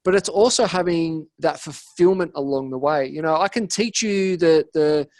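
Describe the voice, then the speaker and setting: Here the Australian podcast guest, who works as a business coach, speaks a little high and at an ordinary pace with no echo. His casual interview talk is full of energetic anecdotes, and he voices the people in them as he quotes them.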